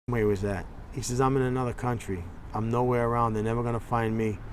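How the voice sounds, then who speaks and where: A man's voice: mid-range voice, steady tone, fast talker, a little hiss or hum. A man in a documentary interview, bluntly telling a story and acting out both sides of phone calls.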